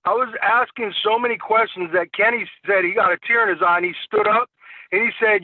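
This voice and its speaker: High-voiced man on a tinny call. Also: steady tone, brisk, no echo. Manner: storytelling, acting out client dialogue; repeats words when restarting. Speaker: insurance sales agent. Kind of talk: sales training talk. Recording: tinny phone-like call audio, dry.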